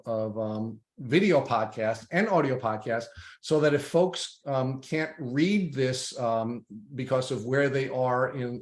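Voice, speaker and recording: Halting male podcast host, roomy sound. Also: mid-range voice. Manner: halting, many restarts and repeated words. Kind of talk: interview podcast conversation. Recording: roomy echo.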